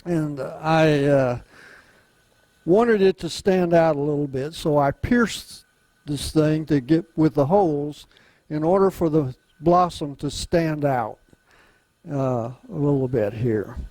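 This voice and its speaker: Older Southern man, unhurried folksy demonstrator, a bit high-pitched. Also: a little mellow, no room sound, low-quality recording. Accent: Southern US, softened. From Louisiana, US. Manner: unhurried, folksy, chuckles often. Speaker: woodturning club demonstrator. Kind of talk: casual demonstration talk.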